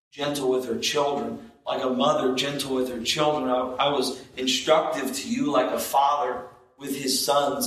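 Slow, emphatic male preacher in an echoey church. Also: mid-range voice. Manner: slow, emphatic preaching with bursts of raised intensity. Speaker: pastor. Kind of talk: sermon. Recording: roomy echo, distant from the mic.

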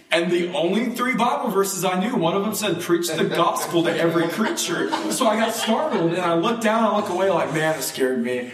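Guy preaching in a church, tells stories all animated, voice kinda high, sounds a bit far off in a roomy hall. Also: normal speed, few pauses. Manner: animated storyteller, voice jumps high when excited. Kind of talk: sermon with a personal story.

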